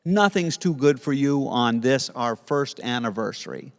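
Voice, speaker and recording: A man teaching Sunday school to kids, telling a story in a playful, animated way. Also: mid-range voice, a little slow, vocal fry, long reverb tail. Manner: playful, animated storytelling with put-on character voices.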